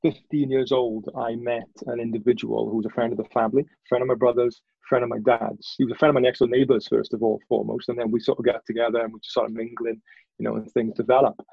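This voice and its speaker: Gravelly, husky man. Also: mid-range voice, flat delivery, no echo, dull audio. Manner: earnest, halting, with frequent restarts. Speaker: guest. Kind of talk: candid personal storytelling.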